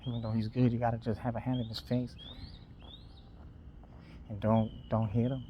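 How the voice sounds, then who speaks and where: A man's voice: medium pitch, level tone, highs cut off, slight background noise. A man rambling casually on a night walk outdoors, recorded on a phone held in his hand. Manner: loose, unhurried rambling with trailing restarts. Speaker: vlogger.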